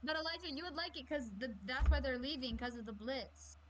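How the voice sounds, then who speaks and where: A woman's voice: high voice, a little fast, slight background noise. A woman chatting eagerly in a casual improv session among friends.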